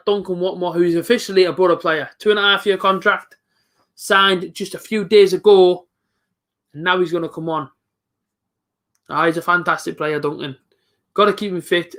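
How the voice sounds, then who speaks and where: A young man giving live football reaction commentary as a fan streamer, chatty and excitable, talking to his viewers as he goes. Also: high-pitched.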